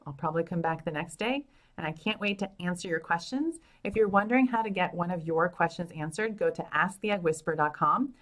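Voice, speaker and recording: Chatty woman doctor with a lowish voice. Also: a little fast, a bit bright. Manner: chatty, upbeat, frank, laughs at herself. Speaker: fertility doctor answering viewer questions. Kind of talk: casual live Q&A chat. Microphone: phone.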